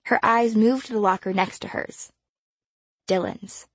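A woman narrating an audiobook in a measured, expressive storytelling manner. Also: mid-range voice, breathy edge, no echo.

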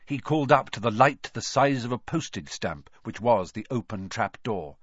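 A man reading a children's fantasy story aloud with expressive, dramatic narration. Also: fairly low pitch, normal speed, slightly rough, no echo, lo-fi sound. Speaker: audiobook narrator.

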